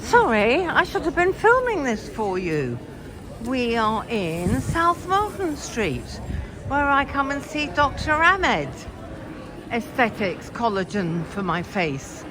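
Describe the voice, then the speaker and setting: Lively older woman vlogging while walking. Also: a little high, takes it slowly. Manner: chatty, warm and breathless while walking. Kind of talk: casual vlog to camera. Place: busy street outdoors in the city. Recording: street noise behind.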